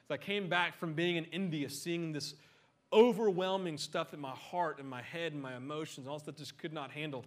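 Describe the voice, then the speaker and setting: A middle-aged man preaching a conversational sermon, animated and full of joking asides. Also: a little high, normal speed. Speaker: pastor.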